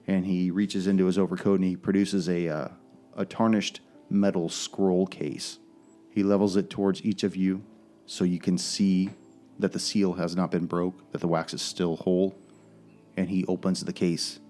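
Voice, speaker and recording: A man narrating as game master of a tabletop game, with measured, descriptive storytelling. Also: sits low, level tone, warm tone, soft background music.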